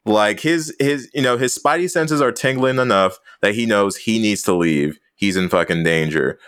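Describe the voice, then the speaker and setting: A man's voice: lowish voice, moderate pace, fairly bright tone, smooth, dry recording. A man co-hosting a podcast, talking earnestly and casually about a film, with casual swearing. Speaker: podcast co-host.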